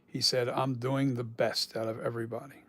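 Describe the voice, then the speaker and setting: A man's voice: mid-range voice, little pitch movement, moderate pace, a bit bright. A man chatting casually on a live stream about sculpting masks, rambling and swearing now and then as he talks.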